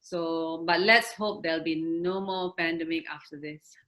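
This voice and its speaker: A woman's voice: sits low, fairly even intonation, unhurried, fairly bright tone, rough recording. A middle-aged woman, a health ministry official, speaking earnestly on a webinar panel over a video call with many fillers and restarts. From Malaysia.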